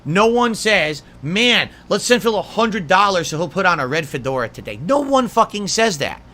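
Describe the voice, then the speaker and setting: A man's voice: sits high, sing-song, normal speed, pushed and bright. A man livestreaming, talking defensively to his chat in an indignant, sarcastic way. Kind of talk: defensive talk to stream chat.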